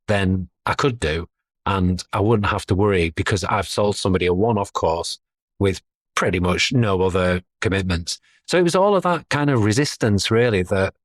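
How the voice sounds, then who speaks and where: Low-voiced man, chatty podcast guest. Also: dry recording, clean studio sound. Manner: chatty, self-deprecating, laughs between thoughts. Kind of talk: casual conversational interview.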